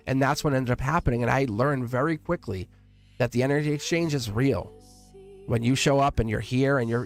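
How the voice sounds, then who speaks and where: A middle-aged man hosting a live tarot reading stream, talking warmly and at length to his viewers, rambling with frequent restarts and laughs. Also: mid-range voice. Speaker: live tarot reader and channel host.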